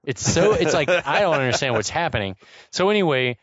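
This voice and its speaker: A man's voice: on the high side, expressive, a little fast, dry recording, muffled recording. A man co-hosting a podcast, animatedly recapping an action movie's chase scene in casual chat, swearing and incredulous. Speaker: podcast co-host.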